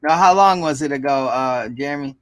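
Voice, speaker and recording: A man's voice: mid-range voice, fairly quick, a crowd in the background. A man chatting casually on a live stream, telling rambling stories with restarts and repeats. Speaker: storage auction buyer and show regular.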